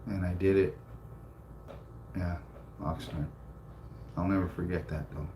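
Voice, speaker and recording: A middle-aged man from California tells a long personal story on a live stream, blunt and profane, circling back on his words for emphasis. His voice sits low, and the room around him is echoey with a faint hum of ambience. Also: steady tone, measured pace, mellow. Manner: blunt, swears freely, repeats himself for emphasis. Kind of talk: casual storytelling.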